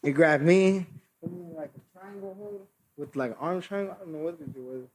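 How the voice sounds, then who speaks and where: Higher-voiced guy giggling thru a funny story, slight noise n clicks. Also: a little fast, darkish tone. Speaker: fighter.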